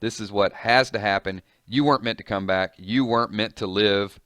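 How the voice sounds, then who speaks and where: A man's voice: on the low side, normal speed, a bit bright, dry recording, close to an everyday voice. A man voicing a desperate, unraveling male cop in a comic reading, bitter and pleading, in a dry close recording. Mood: anguished. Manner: bitter, pleading, voice rising in anguish.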